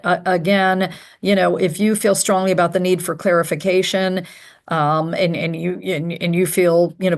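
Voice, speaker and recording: A woman legislator speaking in a committee discussion, measured and full of small fillers. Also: on the low side.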